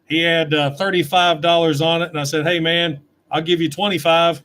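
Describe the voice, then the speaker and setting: A man's voice: a little high, level tone, moderate pace, a bit bright, slight background noise. A middle-aged man chatting casually on a livestream, reading out and answering viewer questions from his desk webcam. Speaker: toy reviewer answering live chat.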